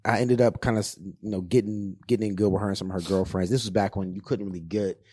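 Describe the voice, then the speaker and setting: A man's voice: fairly low pitch, steady tone, fast, darkish tone, slightly rough, no echo. A man in his forties telling stories as a podcast guest in a loose, profane way, full of fillers. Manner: loose and profane, with many fillers and acted-out quotes. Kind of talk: casual storytelling.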